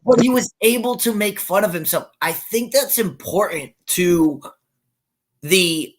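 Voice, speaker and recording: A man's voice: high voice, expressive, measured pace. A male podcast co-host in casual sports chat, rambling with many restarts.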